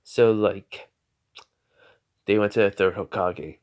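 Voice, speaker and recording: A man's voice: fairly low pitch, slow, darkish tone, muffled recording, slight background noise. Rambling man telling a fan story. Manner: rambling, full of "like" and "you know", corrects himself often. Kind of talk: casual improvised storytelling.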